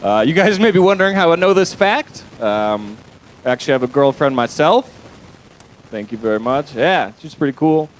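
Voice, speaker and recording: Young man, stand-up comedian, slightly high voice, very lively pitch, rambling, fillers, crude asides, handheld mic, club stage. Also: normal speed, slight background noise, poor audio.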